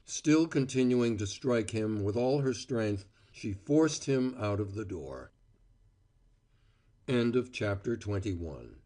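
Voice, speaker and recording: A man narrating an audiobook in a measured, expressive reading. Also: lowish voice. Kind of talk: scripted narration.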